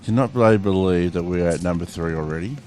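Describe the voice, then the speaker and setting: A man's voice: deep voice, fast, a little mellow, faint music behind. A man co-hosting a podcast, chatting in a laid-back way and swearing freely. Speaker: podcast co-host. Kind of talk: casual podcast chat.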